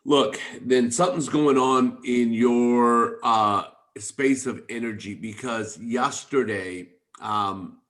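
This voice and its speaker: A man leading a network marketing team, telling stories in an excited, emphatic way on a video call. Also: medium pitch, slow pace. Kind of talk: enthusiastic motivational talk on a video call.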